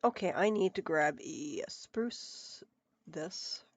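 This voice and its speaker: A woman's voice: fairly low pitch, expressive, takes it slowly, muffled recording, background noise. A woman streaming a building game, chatting and muttering to herself as she works, her nose stuffed up from a cold. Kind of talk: casual live gameplay commentary.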